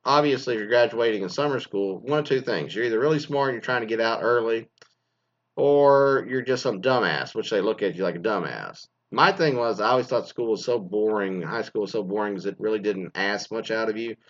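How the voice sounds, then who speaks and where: A man's voice: fairly low pitch, fairly quick. Swearing ex-teacher guy ranting, casual and rambling, kinda dull lo-fi sound. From Texas. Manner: profane, rambling, mocking. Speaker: former teacher. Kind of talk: casual profane rant.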